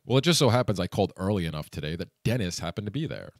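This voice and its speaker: A man's voice: low-pitched, big pitch swings, racing, no echo, clean studio sound. A man vlogging, telling a frustrating story in a venting, rambling way with many fillers. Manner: frustrated, venting, lots of "you know" fillers. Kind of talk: personal vlog storytelling.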